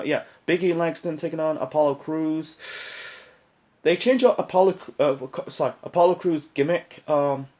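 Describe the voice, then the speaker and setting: Rambling man with a slightly high voice. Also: muffled recording. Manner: rambling, many fillers and restarts; blunt, occasionally swears. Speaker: wrestling pay-per-view predictions host. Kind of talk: casual solo commentary.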